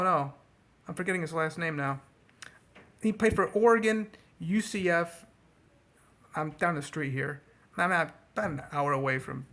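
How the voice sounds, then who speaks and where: A man giving a casual, rambling sports rant to camera as a vlogger. He talks sarcastically and jumps into a high mocking voice. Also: bright, forceful tone.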